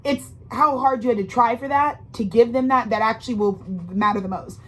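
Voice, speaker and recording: A woman's voice: fairly high pitch, brisk, rough recording. A woman giving a casual tarot reading, talking straight to the listener in a rambling, emphatic and profane way, full of slang and restarts. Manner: slangy, intimate direct address to the listener. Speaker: tarot reader.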